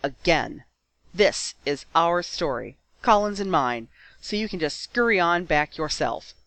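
A man's voice: fairly high pitch, lively intonation, unhurried, a bit bright, no room sound. A man voicing a young female reporter who speaks firmly and cuttingly. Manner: firm, cutting. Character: young female reporter, standing her ground.

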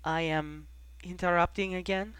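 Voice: mid-range voice, steady tone, moderate pace, fairly bright tone, smooth, no room sound, lightly acted. A reader voicing a timid young woman witch who speaks in a small, apologetic voice. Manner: small, apologetic voice, formal phrasing.

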